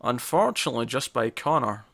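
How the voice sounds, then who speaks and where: A young man hosts a relaxed podcast chat with a bright, ringing voice. He rambles, repeats himself and mocks his own slips. His pitch is mid-range for a man. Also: fairly quick. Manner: self-mocking, rambling, stumbles over words. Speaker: podcast host. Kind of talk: casual chat.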